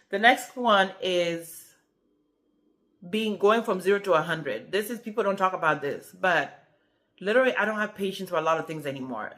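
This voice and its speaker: A woman's voice: lowish voice, a little slow, long pauses. Chatty woman in her forties vlogging. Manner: chatty, animated retelling, frequent "okay?" check-ins. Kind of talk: casual talk to camera.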